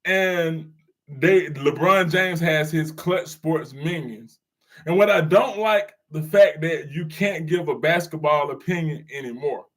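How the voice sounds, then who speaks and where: High-voiced man chatting with his viewers. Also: measured pace. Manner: laid-back slang, laughs often, addresses chatters. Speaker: streamer reading live chat. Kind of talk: casual live-stream commentary.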